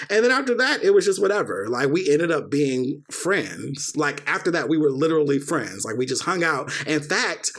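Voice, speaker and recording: Animated young man telling a story. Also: fairly high pitch, moderate pace. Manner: animated, acts out quoted dialogue, swears freely. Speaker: podcast host. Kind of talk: casual storytelling monologue.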